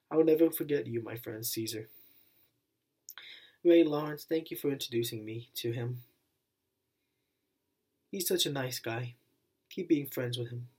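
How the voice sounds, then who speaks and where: A young man speaking to camera in a heartfelt thank-you vlog, his voice soft and husky with a breathy edge. He keeps circling back to the same simple phrases, and his voice wavers and chokes up. The delivery is plain and sincere, never polished. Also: medium pitch. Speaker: channel owner.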